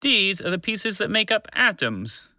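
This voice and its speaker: A man's voice: sits high, sing-song, unhurried, bright, forceful tone, no echo, pitched above the performer's own voice, exaggerated voice. A man voicing a proud, careful orange male dragon in a children's story, earnest and bossy when alarmed.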